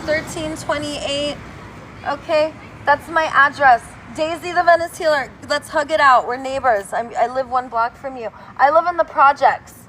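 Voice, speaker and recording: A woman's voice: high voice, fairly bright tone, low-quality recording. A woman giving a rambling, playful monologue outdoors on a city street, now and then breaking into sing-song. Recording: street traffic noise behind. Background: passing cars.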